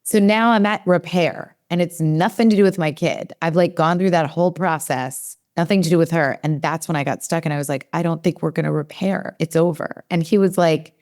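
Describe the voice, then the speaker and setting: A woman's voice: on the low side, a little fast, hardly any pauses, darkish tone. A woman in her forties, a developmental psychologist, chatting in a podcast interview and acting out her own inner dialogue with many fillers.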